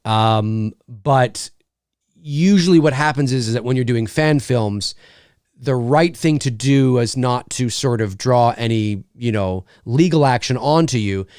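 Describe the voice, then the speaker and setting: Unhurried and medium-pitched, this livestream host has a darkish, clear, resonant tone with no echo. He reads viewer comments in a casual live chat from his home studio mic, rambling, joking and filling gaps with fillers.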